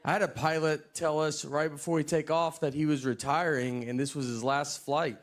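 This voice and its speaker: A comedian telling stand-up stories in a slow, deadpan drawl. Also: male voice, on the high side. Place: live venue with audience. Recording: live audience noise.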